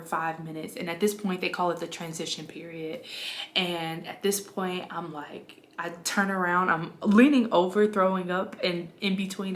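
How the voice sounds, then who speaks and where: A young woman, casually telling her own story to the camera and acting out her past cries in a high voice. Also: fairly bright tone, roomy sound. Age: young adult.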